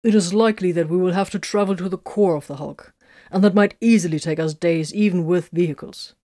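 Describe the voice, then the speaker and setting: A woman's voice: lowish voice, fairly quick, dark tone, no echo, studio quality, close to an everyday voice. A woman voicing a stern, cautious warrior leader.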